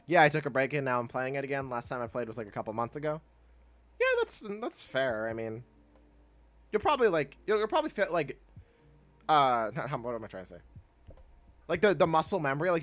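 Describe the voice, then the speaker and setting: A man streaming a game, chatting casually with his viewers in a laid-back, rambling way and laughing often, with soft music playing behind him. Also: mid-range voice. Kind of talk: casual chat while gaming. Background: soft chill music.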